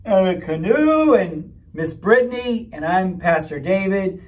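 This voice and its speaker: A man, a pastor, gently explaining ideas to children at a church camp in a rambling, friendly way. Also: high voice, expressive, a little slow. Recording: mic from far off.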